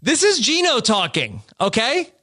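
A man co-hosting a casual podcast, talking in halting bursts with many uh's and quick laughs. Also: very high voice, wildly swooping pitch, pushed and bright, no echo, clean studio sound. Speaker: podcast co-host.

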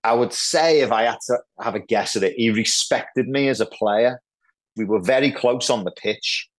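A middle-aged man, telling lively football anecdotes as a podcast guest, peppered with "like" and "right". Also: medium pitch, moderate pace. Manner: animated anecdotes, lots of "like" and "right". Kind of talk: casual storytelling chat.

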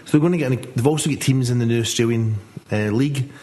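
A man's voice: mid-range voice, quick pace, dark tone. A man co-hosting a football podcast, trading dry quips and knowledgeable asides. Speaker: podcast co-host. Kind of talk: casual football chat.

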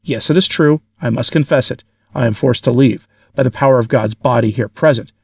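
A tormented demon in a spoken story, read by a man, shrieking and laughing in defiance. The pitch sits in the middle. The sound is dry and set back from the microphone. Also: a little fast, creaky, breathy edge, no room sound. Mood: anguished. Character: tormented male demon forced to confess. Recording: dry, from far off the mic.

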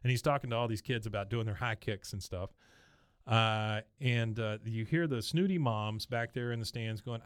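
A man's voice: on the low side, normal speed, clean tone, no echo, studio quality. A man hosting a podcast, casually recapping a show and telling the story in a chatty way. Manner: chatty, storytelling, acts out voices. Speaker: podcast host. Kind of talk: casual episode recap with acted voices.

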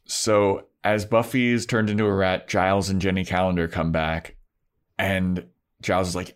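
In a low, smooth voice at an ordinary pace, this young podcast co-host runs through an episode casually, bringing energy to the retelling by acting out what the characters said.

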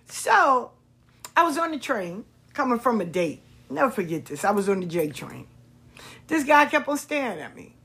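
A woman hosts her own podcast in a loose, storytelling monologue. Her voice sits a little high and has a husky edge. She drops to near-whispers and then jumps up loud, stretching words out for emphasis. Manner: expressive, swings from hushed to loud, drawn-out emphasis. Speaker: podcast host.

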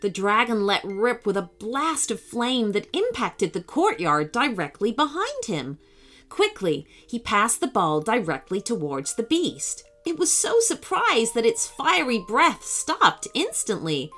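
A woman narrating a scripted children's story in an expressive, animated storytelling manner. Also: fairly high pitch, measured pace.

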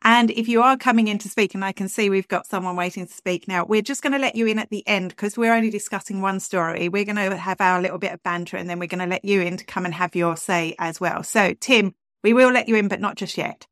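A woman's voice: mid-range voice, quick pace, few pauses, a bit bright, no room sound, clean studio sound. A woman hosting a podcast, chatting in an upbeat way with lots of asides. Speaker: podcast host. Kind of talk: casual chat.

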